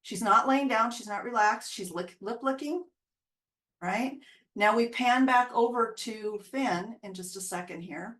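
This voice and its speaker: A woman's voice: on the high side, a little slow, fairly bright tone. A woman dog trainer casually explaining dog body language while talking over video clips. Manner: chatty, explanatory, with quoted dog voices. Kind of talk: casual narrated video breakdown.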